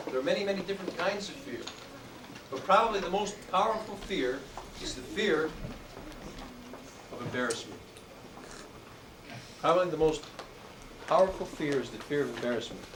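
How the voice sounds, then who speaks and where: A man giving a motivational talk to young students, drawing out key words and prompting them to answer back. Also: fairly high pitch. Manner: call-and-response, drawn-out emphatic words. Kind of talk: motivational talk to a youth audience. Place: indoor room with students and adults. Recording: echoey room, distant mic, noisy.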